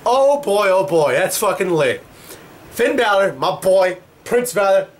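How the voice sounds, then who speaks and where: A man's voice: sits high, very animated, measured pace. Heated, profane young man ranting. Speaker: wrestling commentator vlogger. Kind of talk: ranting commentary.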